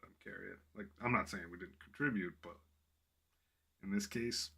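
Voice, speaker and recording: A man casually thinking aloud to himself while painting a miniature in his small home office, relaxed and self-deprecating. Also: low voice, moderate pace, creaky, slightly rough.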